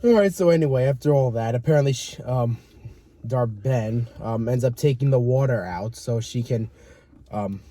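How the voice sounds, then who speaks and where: A man's voice: medium pitch, moderate pace, dark tone. A young man co-hosting a casual movie review chat, retelling a plot in a hesitant, rambling way with many ums. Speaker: co-host.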